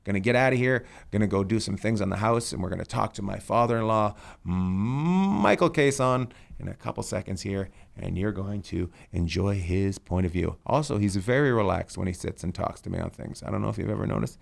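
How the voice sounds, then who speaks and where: Podcast host guy, gravelly low voice, rambles and swears a lot. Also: fairly quick, few pauses. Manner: rambling storyteller, swears freely. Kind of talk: casual chat. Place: lives in California.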